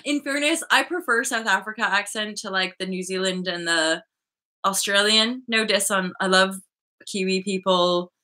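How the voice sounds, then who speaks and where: Bright-toned Canadian woman rambling chattily. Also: mid-range voice, normal speed. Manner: rambling and chatty, restarts her sentences often. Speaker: host of a spiritual web show. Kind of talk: casual livestream chat.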